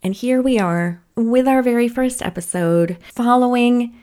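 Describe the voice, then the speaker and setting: A woman's voice: a little high, measured pace, warm tone. A woman hosting a podcast, telling a personal story in a candid, chatty way and laughing now and then. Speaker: podcast host. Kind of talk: casual solo podcast storytelling.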